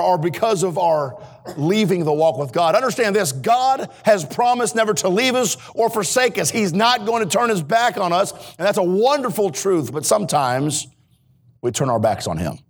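A man preaching a sermon in a church as a missionary, earnest and swinging between hushed and emphatic delivery. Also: sits high, animated, normal speed. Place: church sanctuary.

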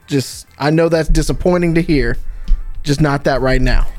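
A man voicing a hard-drinking, scheming grown man in a tabletop game, speaking bluntly and in a low mutter. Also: moderate pace, a little mellow, faint music behind, lightly acted. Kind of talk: tabletop role-play character voice.

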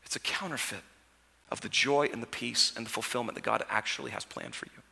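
A man preaching a sermon as pastor, talking conversationally and moving between lively storytelling and quiet, personal asides. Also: medium pitch, fairly quick, creaky, breathy edge. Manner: conversational preaching, swinging from loud storytelling to hushed intimacy. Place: church sanctuary. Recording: church sanctuary with long reverb.

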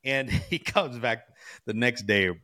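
A man in his forties from California, chatting on a podcast with a middle-range voice. He spins loose, animated stories and keeps dropping slangy asides to his co-host. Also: mid-range voice, slow. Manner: animated storyteller, slangy with bro and you know. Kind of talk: casual chat.

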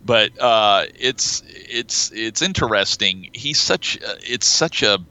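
A man's voice: lowish voice, slow pace, rough recording. A man co-hosting a film podcast, chatting casually and acting out lines he quotes. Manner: animated, acts out quoted lines. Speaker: podcast co-host.

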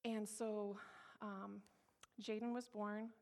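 A woman's voice: medium pitch, little pitch movement, takes it slowly, mellow. A woman in her thirties from Colorado, giving a candid, emphatic personal testimony to an audience and repeating her key phrases. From Colorado, USA. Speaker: speaker sharing her testimony.

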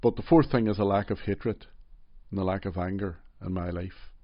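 A middle-aged man from Northern Ireland with a Derry accent, telling his life story gently and reflectively in an interview, often saying "you know". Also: deep voice, moderate pace, no room sound, highs cut off. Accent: Derry, Northern Irish. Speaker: interview guest.

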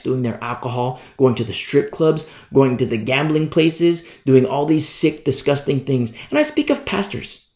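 A man preaching a sermon as pastor, hammering his points by repeating them and swinging between loud and hushed. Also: medium pitch. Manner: emphatic, repetitive preaching with sharp swings in loudness. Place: church room. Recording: roomy echo.

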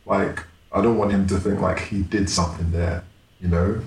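A man chats bluntly on a podcast, voice sitting very low and laughing often. The room rings around him with a faint hiss underneath. Casual, swearing, relaxed banter. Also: normal speed, gravelly. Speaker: podcast co-host. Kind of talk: casual chat. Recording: roomy room with faint noise.

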